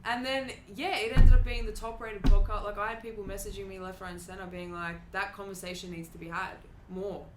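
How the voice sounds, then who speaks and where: A woman hosting a podcast, telling a story in an animated, casual way and swearing freely. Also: mid-range voice, fairly quick, hardly any pauses, reverberant, over loud music. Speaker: podcast host.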